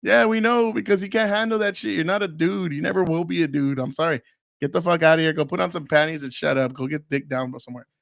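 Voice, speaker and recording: A man with a fairly high voice talks bluntly and crudely, swearing freely in a casual podcast monologue. He acts out other people's voices mid-story. The sound is dry and close, with no room echo. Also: quick pace, vocal fry. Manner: tells stories by mimicking others. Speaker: podcast host.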